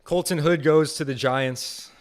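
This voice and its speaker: A young man hosting a live fan podcast, reacting to picks with excited, repetitive enthusiasm. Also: on the high side, measured pace. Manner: excited, enthusiastic, repeats himself. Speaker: podcast host.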